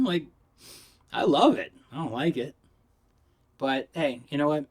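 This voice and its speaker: A man who is high, telling stories in a loose, rambling vlog monologue, swearing and giggling as he goes. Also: expressive, measured pace, long pauses, a little mellow, husky. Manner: profane storytelling with acted quotes. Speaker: vlogger reviewing vapes.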